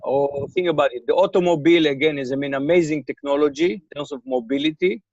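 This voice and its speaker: A man's voice: fairly high pitch, fast, a little mellow, no room sound. Older man, interviewee, thoughtful, repeats words, checks in with listeners, dry, muffled call audio. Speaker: interviewee, computer scientist. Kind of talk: explanatory interview answers.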